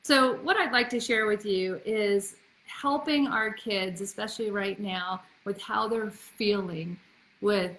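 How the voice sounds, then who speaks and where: A woman's voice: medium pitch, unhurried, fairly bright tone, slight background noise. Earnest woman in an echoey room. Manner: earnest, conversational, many restarts and fillers. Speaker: parenting coach. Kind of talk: casual advice talk to camera.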